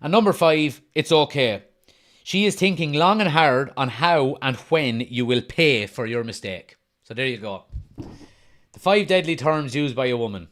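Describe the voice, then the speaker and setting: A man's voice: mid-range voice, expressive, moderate pace, fairly bright tone. A man, hosting a casual football watch-along from his front room at home, chatting and reading out viewer comments. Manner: chatty, reads out viewer comments, laughs often. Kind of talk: casual live-stream chat.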